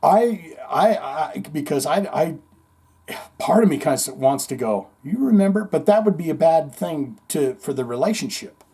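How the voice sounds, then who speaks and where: A man hosting a podcast, telling a long story in a rambling, animated way, full of swearing and acted-out quotes. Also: fairly high pitch, moderate pace, slightly rough. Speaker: podcast host. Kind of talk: casual storytelling monologue.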